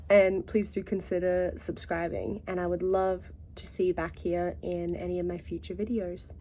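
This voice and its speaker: Woman vlogger, warm low-key tone, casual and gushing, loose with fillers. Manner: chatty and enthusiastic, many "like" fillers. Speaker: book vlogger. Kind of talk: casual vlog chat.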